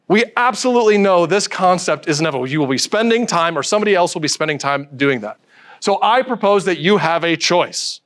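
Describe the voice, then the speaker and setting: High-voiced man giving a lively conference talk. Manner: lively, joking, quizzes the audience. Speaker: conference speaker. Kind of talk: live technical presentation.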